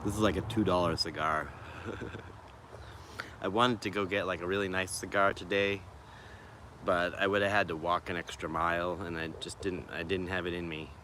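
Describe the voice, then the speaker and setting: A man's voice: sits low, fairly even intonation, brisk, bright, forceful tone, slight background noise. A man from Boston with a Boston accent, chatting casually on a livestream from a small wooded spot in the city, rambling and greeting viewers by name. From Boston, USA. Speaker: vlogger livestreaming. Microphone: phone on a selfie stick.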